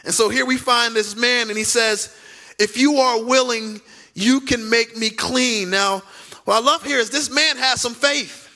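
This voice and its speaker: A high-voiced man preaches a sermon from the pulpit of a church. His tone is bright and ringing. He puts questions straight to the congregation and stretches key words out for emphasis. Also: steady tone. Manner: preaching with dramatic pauses and emphatic drawn-out words; conversational, asks the congregation direct questions. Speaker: pastor. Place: church sanctuary.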